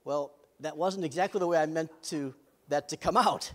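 A man's voice: a little high, moderate pace, a little hiss or hum. A middle-aged man, a pastor, preaching a sermon in an earnest way with self-deprecating humor.

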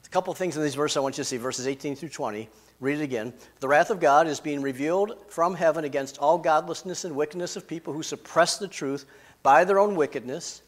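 A man preaching a sermon, emphatic, rising and falling in loudness and pace. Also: fairly high pitch, fast talker. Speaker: pastor.

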